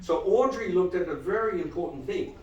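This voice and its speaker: A man giving a live lecture to dentists, animated and quizzing the audience with frequent questions. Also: high voice, fairly quick, reverberant, recorded from a distance, muffled recording. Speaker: dental lecturer.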